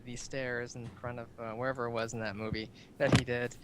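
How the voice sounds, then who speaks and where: A man chatting casually on a gaming podcast, medium-pitched and jokey, often breaking into laughter. A clear hiss of background noise sits under his voice. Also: little pitch movement, a little fast. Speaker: podcast co-host. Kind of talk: casual chat.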